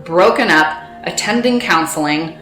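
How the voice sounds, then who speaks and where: A woman recounting a personal story in a quiet, reflective way, speaking as an interview guest. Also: lowish voice, lively intonation, unhurried. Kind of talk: casual storytelling. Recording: echoey room with faint music.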